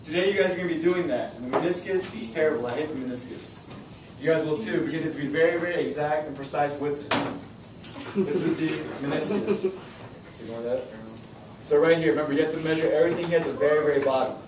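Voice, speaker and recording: A young male high school science teacher leading a classroom lesson, energetic and repeating his questions to the students. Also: quick pace, noisy background. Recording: echoey classroom from far off.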